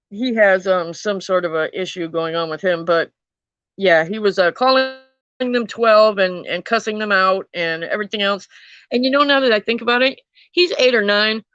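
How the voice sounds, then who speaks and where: A woman's voice: medium pitch, lively intonation, normal speed, a bit bright, dry recording, dull audio. A woman telling a true crime story in a casual, chatty way, swearing freely and talking to her viewers.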